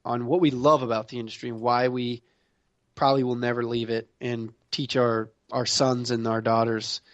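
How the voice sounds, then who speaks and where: A man hosting a casual gaming podcast, reading news in a relaxed way with many fillers. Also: mid-range voice, moderate pace, no echo, highs cut off. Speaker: podcast host.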